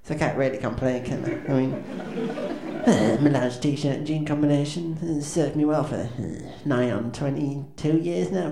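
A man doing awkward, self-deprecating stand-up patter as a band's frontman, hesitating with lots of ums and restarts. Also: medium pitch. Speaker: comedic frontman of a band. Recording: echoey room with faint ambience.

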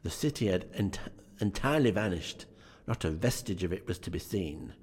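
Low-voiced man casually reading a story. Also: expressive, normal speed, a little mellow, husky. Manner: stumbling, with self-corrections and chatty asides. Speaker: reader. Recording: long hall reverb.

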